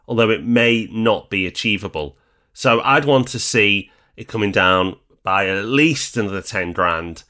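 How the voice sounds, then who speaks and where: A man from northern England co-hosting a property podcast, calmly weighing up investment deals. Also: on the low side. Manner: measured, weighing pros and cons aloud. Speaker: podcast co-host. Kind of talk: casual podcast discussion.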